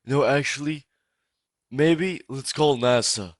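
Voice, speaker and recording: A man voicing his stoned young friend, slow, wondering and dead serious. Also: mid-range voice, no echo, clean studio sound, voice pushed up, close to an everyday voice. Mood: dazed.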